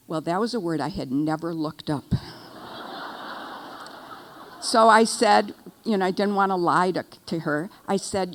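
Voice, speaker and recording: An older woman giving a keynote speech, telling a humorous story in a wry, animated way. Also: fairly low pitch, a little slow, long pauses. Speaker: keynote speaker. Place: event stage.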